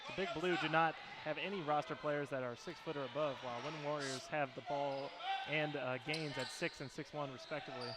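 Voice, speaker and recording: A man with a Midwestern accent giving quick, chatty color commentary on a basketball game. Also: fairly high pitch, steady tone. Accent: Midwestern American.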